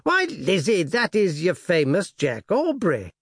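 A man's voice: high-pitched, wildly swooping pitch, unhurried, breathy edge, no room sound, studio quality, pitched above the performer's own voice, full character voice. A man doing a hearty old naval lieutenant. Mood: fond. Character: genial older naval lieutenant and father, gossipy.

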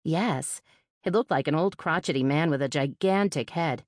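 A blunt, suspicious storage-facility owner, played by a woman narrating an audiobook. She talks in a folksy, curt way, pitched somewhat above the reader's own low voice. The recording is close and dry. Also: moderate pace, no echo. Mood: shaken. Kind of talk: audiobook character voice.

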